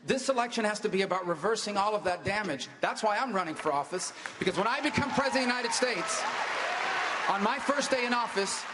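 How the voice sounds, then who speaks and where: A man makes his case from a debate podium, words tumbling out at a brisk clip in a notably high voice. He hammers the same phrases again and again. His voice rings through a large hall with a faint hiss behind it. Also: lively intonation, crowd noise. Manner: rapid, forceful, repetitive rhetoric. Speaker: presidential debate candidate. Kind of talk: political debate speech. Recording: live on stage in large reverberant hall.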